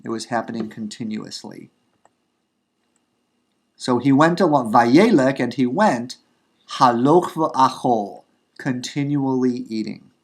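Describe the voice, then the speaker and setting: A male teacher walks through a grammar lecture at an unhurried pace, saying each example more than once in different words. His voice sits at an ordinary middle pitch, and his talk is full of small fillers and restarts. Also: animated, vocal fry. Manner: unhurried, repeats and rephrases for emphasis, many fillers.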